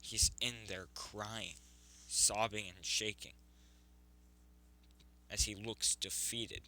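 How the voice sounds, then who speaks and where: Bewildered young woman, soft questioning voice, bright tone, unhurried, as a man puts her on. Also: fairly low pitch, fairly even intonation, heavily acted, low-quality recording. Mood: sorrowful.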